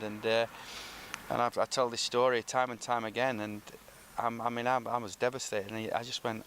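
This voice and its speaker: A middle-aged man, a former professional footballer, telling lively anecdotes in a relaxed interview and acting out what others said. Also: medium pitch, fairly quick, slight background noise. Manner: lively storyteller who acts out quoted speech.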